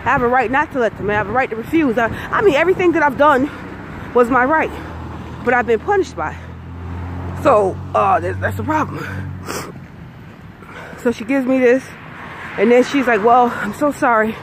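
Woman in her forties, emphatic, swearing, aggrieved testimony, steady traffic noise behind her. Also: on the high side, moderate pace, pauses often. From United States. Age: 40s. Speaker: parent telling her custody story. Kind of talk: direct-to-camera personal testimony.

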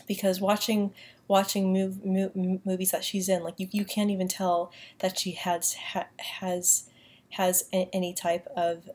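A woman's voice: mid-range voice, darkish tone. Woman talking with a heavy stutter. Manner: strong stutter with many sound and word repetitions. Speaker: vlogger. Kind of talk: casual talk to camera.

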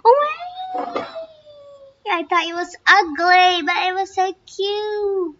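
A young woman casually narrating her game play, excitable and full of fillers, squealing now and then. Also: extremely high pitch, measured pace, noisy background. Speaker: gaming channel host. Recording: dull lo-fi recording.

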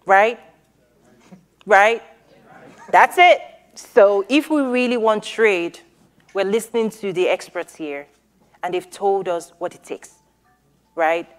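A woman's voice: medium pitch, slow pace, pauses often. A woman who organizes a summit, speaking on a panel in an earnest, persuasive way, often restarting her sentences. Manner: uses everyday analogies. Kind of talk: panel discussion.

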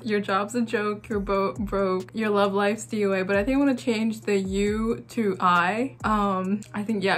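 A young woman vlogging in a chatty, giggly, nervous way as she narrates a text prank. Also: a little high. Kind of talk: casual vlog chat.

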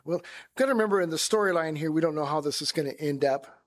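Male Bible teacher, high voice, conversational sermon style. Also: fairly even intonation, fast talker. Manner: conversational, acts out quoted voices.

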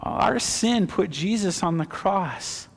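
A middle-aged male pastor preaching a sermon with passion, swinging between loud fervor and hushed emotion. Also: sits high, animated, slow pace, creaky. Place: church sanctuary. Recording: long reverb of a church hall.

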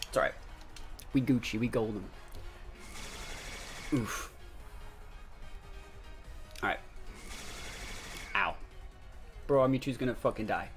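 A young man commentating his own gameplay live, talking to his chat with sudden loud outbursts. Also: medium pitch, very animated, takes it slowly, long pauses. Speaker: gaming streamer. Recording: faint music behind voice.

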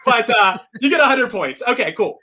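A man hosting a live trivia podcast event, reading questions and scoring answers with quick restarts. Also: extremely high pitch. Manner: lively, stumbles and restarts, laughs between answers. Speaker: trivia quiz host.

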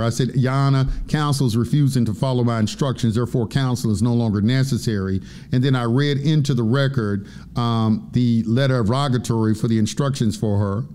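A man with a warm, mellow tone hosts a call-in radio talk show. He tells a story at length in an earnest, instructive manner, acting out bits of quoted dialogue and stopping to advise his listeners. His pitch sits in an ordinary middle register. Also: smooth.

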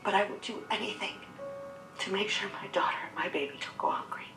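A woman's voice: mid-range voice, fast, roomy sound, in a whisper, over music, close to an everyday voice, rough recording. An actress playing a proud, grieving widowed young mother, telling her story in an earnest, heartfelt way. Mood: sorrowful. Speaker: struggling mother. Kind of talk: scripted drama acting.

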